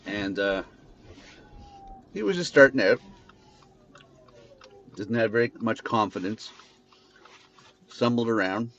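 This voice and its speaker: A low-voiced man rants bitterly and swears freely in an unscripted monologue. He records from inside his car. The sound is dull and lo-fi, with a faint hiss underneath. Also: slow pace, pauses often, a bit bright. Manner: bitter, venting ranting with profanity. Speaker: podcast host. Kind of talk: unscripted monologue while driving.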